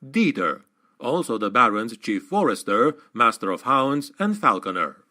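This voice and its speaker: A man doing a stern, measured master of arms. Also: mid-range voice, sing-song, bright, forceful tone.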